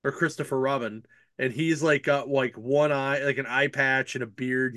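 A man's voice: medium pitch, steady tone, moderate pace, a bit bright, no echo, clean studio sound. Rambling man recapping a book. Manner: rambling, laughing, heavy on fillers. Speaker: podcast host reviewing books. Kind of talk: casual chat.

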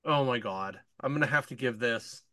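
A man's voice: mid-range voice, normal speed, sharp tone, dry recording, clean studio sound. A man hosting a casual book chat, recapping a plot in a rambling way, laughing often and leaning on lots of fillers. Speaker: podcast host reviewing books.

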